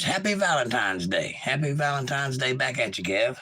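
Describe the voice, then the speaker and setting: Hosting a casual livestream, a man with a Georgia Southern accent reads viewer comments out loud and answers them without hurry. His mid-range voice is expressive, pushed and bright, at a moderate pace. The recording is rough.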